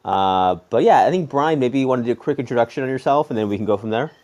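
A male host with a warm, mellow voice leads a casual interview. He talks in a chatty, halting way, restarting sentences and leaning on "like," at a middling pitch. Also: animated, dull audio. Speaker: podcast host.

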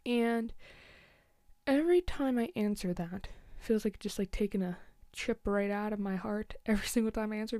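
A woman's voice: mid-range voice, fairly quick, warm tone, no echo, clean studio sound. A woman in her twenties hosting her own podcast, rambling in a casual chatty way with many fillers and frequent small laughs. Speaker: podcast host. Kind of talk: casual solo podcast chat.

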